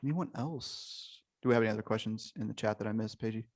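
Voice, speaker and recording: Gravelly-voiced man hosting a workshop. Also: lowish voice, fast talker, a little mellow. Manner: conversational, encouraging, addresses participants by name. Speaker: workshop host. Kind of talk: casual coaching talk to an online group.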